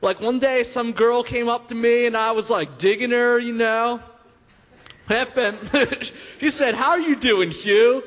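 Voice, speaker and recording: A man's voice: very high-pitched, fairly even intonation, measured pace, fairly bright tone. A young man doing a stand-up comedy set on a stage, rambling through his jokes with many fillers and laughing at his own lines. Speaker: stand-up comic. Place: stage in a hall. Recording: long hall reverb.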